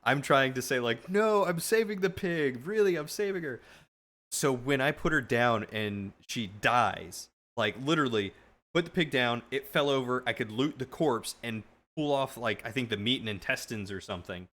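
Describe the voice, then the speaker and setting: A man streamer telling a long story casually to his live chat, animated and rambling with frequent restarts. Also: mid-range voice, normal speed.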